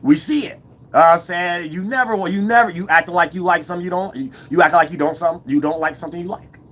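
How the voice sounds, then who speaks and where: A man giving a rambling, profane, unscripted monologue, full of restarts and the repeated tag "you know what I'm saying", with sudden jumps up in pitch and loudness. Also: fast talker. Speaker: vlogger.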